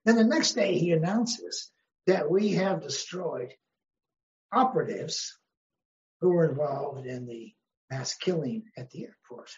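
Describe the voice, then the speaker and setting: A history professor guesting on an interview speaks emphatically and wryly, tossing out rhetorical questions in a conversational exchange. His voice is a little high and mellow, with lively intonation and a measured pace, on a lo-fi recording.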